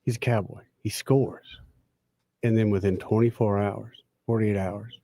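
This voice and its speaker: A man co-hosting a casual radio talk show, chatty and quick to chime in with short agreement. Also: lowish voice, fairly even intonation, dark tone, no echo. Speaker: radio co-host.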